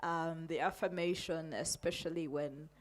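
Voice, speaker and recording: A woman's voice: sits low, fairly even intonation, normal speed. A woman from Uganda, in her forties, speaking as a poet with a shaky, emotional but defiant delivery before a reading.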